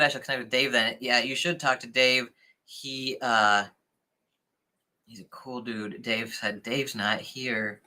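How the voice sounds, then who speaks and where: A young adult man hosting a casual livestream, chatting excitedly and thanking viewers as he reads comments. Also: medium pitch. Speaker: livestream host.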